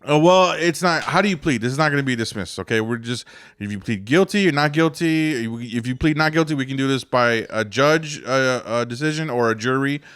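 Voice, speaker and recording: A man's voice: medium pitch, brisk, fairly bright tone, clean tone, no room sound, clean studio sound. A man on a podcast, telling a story in casual chat and acting out what other people said, swearing often. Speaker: podcast co-host.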